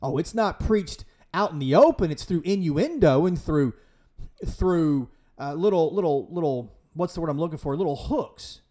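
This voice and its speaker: A man's voice: a little high, animated, moderate pace, mellow. A man preaching with passion as a podcast host, emphatic and pleading, full of rhetorical questions. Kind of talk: impassioned preaching.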